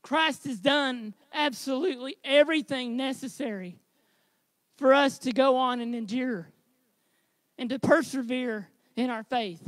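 A man preaching a sermon as pastor, with a high tenor voice, earnest and building to shouted exhortation. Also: unhurried, no echo.

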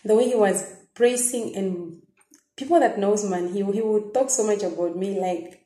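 A young woman with a Namibian accent, telling viewers a personal story in a halting, emotional way with many restarts. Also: medium pitch, dark tone. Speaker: vlogger. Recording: echoey room.

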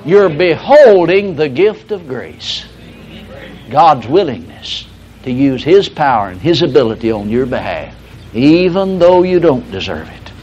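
An older man, teaching a broadcast sermon in a folksy storytelling way with slow, emphatic stresses. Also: mid-range voice, slight background noise. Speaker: radio Bible teacher. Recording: dull lo-fi broadcast recording.

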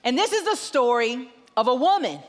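A middle-aged woman preaches in a large church. Her voice sits high, and she acts out family dialogue with lively storytelling. A long reverb trails each phrase through the hall. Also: normal speed. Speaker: guest pastor. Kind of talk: sermon with storytelling.

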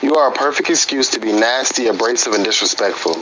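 Halting and unsure, a man joins a live-stream group session by phone, chatting casually and reading aloud a personal letter while stumbling over fillers and restarts. He speaks at a middling pitch over a noticeable hiss.

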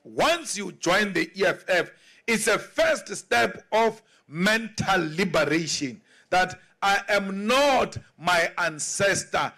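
A man in his forties with a South African accent, a party leader giving a political speech in slow, emphatic oratory that now and then rises to a shout. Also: sits high, expressive. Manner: mocks others in acted quotes. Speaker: party leader addressing members.

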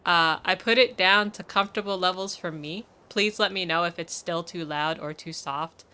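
A woman's voice: lowish voice, moderate pace, pushed and bright, clean tone. A young woman streamer chatting casually on a live game stream, rambling with lots of fillers and laughter.

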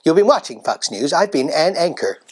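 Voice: mid-range voice, big pitch swings, a little fast, very noisy, close to an everyday voice. Performer playing a clueless American anchorwoman. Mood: chirpy. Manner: chirpy and clueless. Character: naive American woman news anchor. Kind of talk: satirical sketch comedy.

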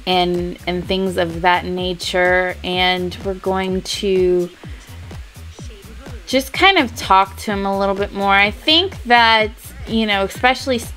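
Slow-talking chatty woman gamer. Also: medium pitch, a bit bright, poor audio. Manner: chatty, giggly, unhurried. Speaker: let's-play host. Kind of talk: casual gameplay commentary.

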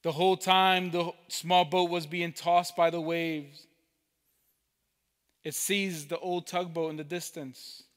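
A man preaching, telling a parable slowly and deliberately as a pastor. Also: fairly high pitch, flat delivery, fairly bright tone, in a large hall. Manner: slow, deliberate storytelling. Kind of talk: sermon storytelling. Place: church sanctuary.

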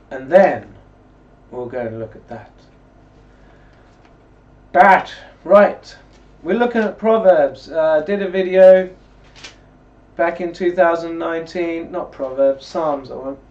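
A man's voice: a little high, darkish tone. Rambling man, distant and dull. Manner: rambling, conversational, slows down for scripture. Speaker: religious video blogger. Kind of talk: casual commentary and scripture reading. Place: indoors, seated in a chair. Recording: distant mic, dull lo-fi sound.

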